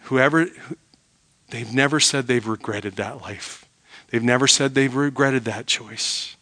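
Preaching with emphasis, a middle-aged pastor throws rhetorical questions at his congregation and lowers his voice to a hush for effect. He speaks in a mid-range voice, a little slowly.

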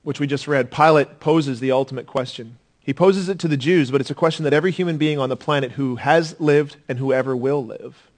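A male pastor delivering a sermon in a church sanctuary. His talk is earnest, with an ordinary mid-range pitch, rising into forceful emphasis and then dropping to quiet intensity. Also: fairly quick.

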